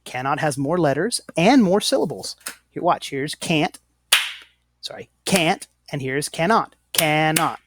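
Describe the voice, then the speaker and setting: Against a noisy background, a man with a voice on the high side teaches at a measured pace, speaking expressively. He explains things patiently and deliberately in a slow classroom manner, frequently correcting himself and apologizing.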